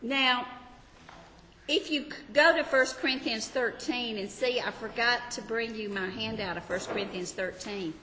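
Older woman, Sunday school teacher, bright forceful voice, chatty homey asides, reverberant hall, faint room ambience. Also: a little high, moderate pace, slight background noise. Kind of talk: Bible study teaching to a class.

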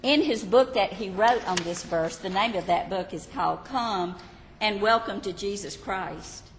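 A woman's voice: mid-range voice, unhurried, slight background noise. A woman teaching the Bible to a class, earnest and emphatic, reading quotes aloud. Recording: echoey hall, faint ambience.

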